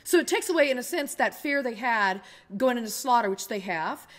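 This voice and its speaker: A woman's voice: a little high, lively intonation, fairly quick. A woman hosting an interview, eager and affirming, often chiming in with agreement. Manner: affirming, eager, frequent backchannel. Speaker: talk show host. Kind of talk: interview chat.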